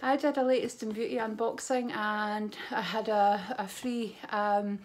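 A woman's voice: medium pitch, steady tone, a little slow. A Scottish woman vlogging from home, chatting to camera in an effusive, storytelling way. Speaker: beauty vlogger. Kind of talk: casual chat to camera.

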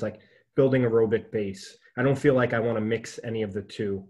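A man's voice: medium pitch, steady tone, normal speed, a little mellow. A man hosting a podcast, chatty and telling stories with frequent laughs. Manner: chatty, storytelling, laughs often. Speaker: podcast host. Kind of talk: casual conversation.

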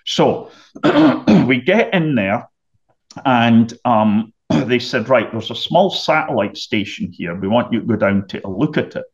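A middle-aged man from the United Kingdom, a podcast guest telling a vivid story and often clearing his throat. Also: medium pitch, expressive, a little slow, muffled recording. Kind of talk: storytelling anecdote.

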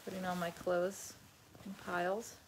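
A woman with a lowish, monotone voice speaks a little slowly over slight background noise. She's live streaming casually from home while folding laundry, chatty and rambling loosely from one thought to the next, laughing often. Every so often she stops to talk to her dog.

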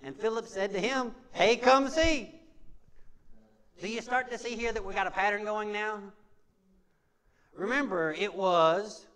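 Crowd noise surrounds a high-pitched man preaching from the church sanctuary in a steady tone at normal speed. This pastor's conversational sermon leans on repeated key phrases and questions posed to the congregation, inviting call-and-response.

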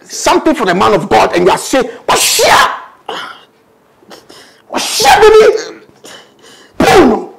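A man playing a boastful, greedy self-styled pastor who shouts and babbles mock tongues in a comedy sketch. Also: sits high, very animated, a little fast, gravelly, crowd noise, heavily acted. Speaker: comic pastor. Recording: noisy skit recording.

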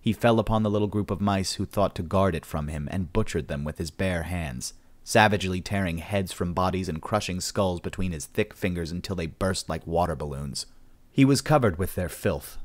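A male audiobook narrator with a very deep voice. He reads a sci-fi story in a steady, measured way, keeping an even storytelling pace. The delivery stays grounded and unhurried.

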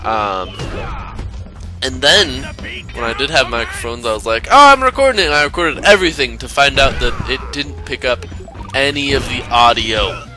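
Recorded at home on his own microphone after playing, a man gives goofy, rambling let's play commentary full of jokes at a normal speed. He breaks into sudden high, squeaky impressions while game music plays underneath.

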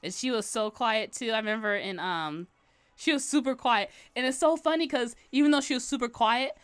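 A woman's voice: a little high, a little fast, clear, resonant tone. A woman livestreaming while she draws, chatting casually and rambling, laughing often. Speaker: livestreaming artist. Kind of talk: casual chat while drawing.

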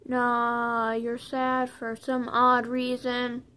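Slow-talking high-voiced young woman vlogger. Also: completely flat delivery, bright, forceful tone. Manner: playful, rambling and joking. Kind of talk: mock beauty tutorial.

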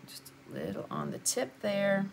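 A woman's voice: medium pitch, wildly swooping pitch, normal speed, vocal fry, slight background noise. An older woman, chatting through a live painting lesson and answering viewers as she works. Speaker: art instructor.

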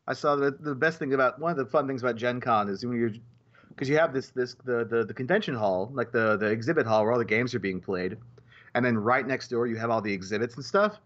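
A man's voice: medium pitch, fast, a bit bright, highs cut off. Man rambling in casual podcast chat. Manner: rambling, with many restarts and repeated words. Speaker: podcast co-host.

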